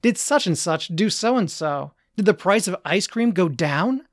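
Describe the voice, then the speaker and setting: A narrator voicing a curious male passerby who fires off quick, eager questions. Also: medium pitch, expressive, dry recording, studio quality, close to an everyday voice. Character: passerby man, curious and prying.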